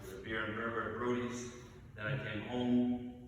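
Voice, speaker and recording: A man's voice: medium pitch, flat delivery, moderate pace, a little hiss or hum. A man from New York, a priest, telling personal stories in a conversational homily. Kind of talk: storytelling homily. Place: large church. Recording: echoey church hall from far off.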